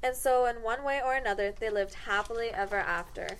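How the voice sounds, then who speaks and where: A woman's voice: on the high side, a little fast, poor audio. A woman narrating a comic fairy tale in a wry tone, correcting herself and the cast along the way.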